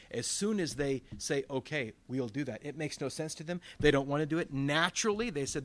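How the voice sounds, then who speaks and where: A man's voice: mid-range voice, brisk. A man preaching a sermon as pastor, telling stories with quoted voices and emphatic rises. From Northern California.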